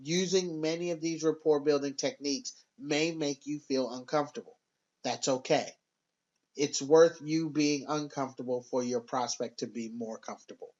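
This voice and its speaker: A man giving a scripted sales training narration in an instructive, measured and emphatic way. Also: on the high side, fairly even intonation, darkish tone, muffled recording.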